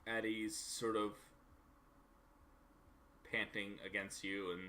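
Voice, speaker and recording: A man's voice: lowish voice, flat delivery, takes it slowly, noisy background. A man narrating as game master of a live-streamed tabletop game, in a loose, chatty way full of "sort of" and "like". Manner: loose, conversational, lots of "sort of" and "like".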